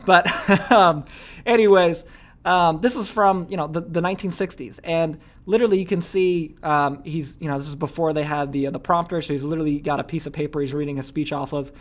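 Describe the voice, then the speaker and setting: A man teaching an online course in a casual, chatty way, full of fillers and frequent "okay?" asides. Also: fairly high pitch. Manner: acts out little quoted scenes.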